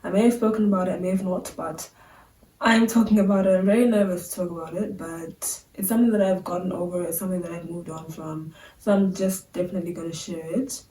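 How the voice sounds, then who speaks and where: Young woman chatting candidly to camera, lowish mellow voice, kinda echoey and far off. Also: fairly even intonation, quick pace, a little hiss or hum. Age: young adult. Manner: chatty, filler-heavy, candid. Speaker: vlogger. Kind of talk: casual talk to camera. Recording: roomy sound, a bit far from the mic.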